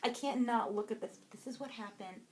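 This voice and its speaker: A bubbly young woman with a fairly high voice talks through her purchases in a loose, rambling way. She restarts her sentences and trails off as her thoughts run ahead. It is relaxed podcast chat between friends. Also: fairly quick. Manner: bubbly, rambling, self-interrupting. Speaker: podcast co-host. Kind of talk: casual chat about a yarn haul.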